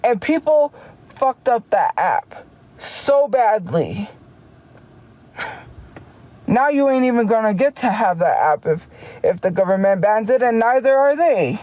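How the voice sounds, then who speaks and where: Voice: mid-range voice, expressive, a little slow, pauses often, darkish tone. A streamer ranting heatedly on a casual livestream, often restarting sentences. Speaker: live streamer.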